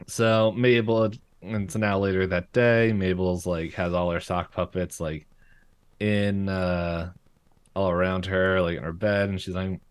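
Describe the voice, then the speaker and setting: Low-voiced man rambling through a recap. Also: level tone, measured pace, clear, resonant tone. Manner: rambling, full of fillers and giggles. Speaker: podcast co-host. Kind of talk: casual episode recap chat.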